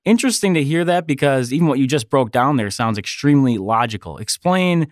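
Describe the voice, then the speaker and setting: Fast-talking male interview host. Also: medium pitch, expressive, dry recording, clean studio sound. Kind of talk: interview questions.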